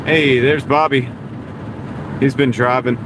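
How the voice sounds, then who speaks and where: A man's voice: medium pitch, slow. A man with a mild North Carolina Southern accent, chatting casually with live viewers while he drives for deliveries. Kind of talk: casual live-stream chat. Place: inside a car. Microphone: wireless mini mic with phone. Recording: steady car and road noise.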